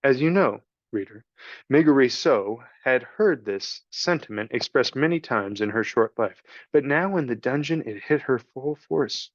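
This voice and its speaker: A man narrates a children's storybook in a slow, measured voice of middle pitch. The recording is dull and dry, with no room echo. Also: animated. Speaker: audiobook reader.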